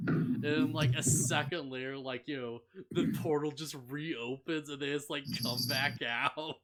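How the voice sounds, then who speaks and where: A young man co-hosts a casual podcast, recapping an anime in a fairly high, slightly bright voice with a steady tone at normal speed. He rambles, laughs often, leans heavily on "like" and other fillers, and does mock voices for the characters.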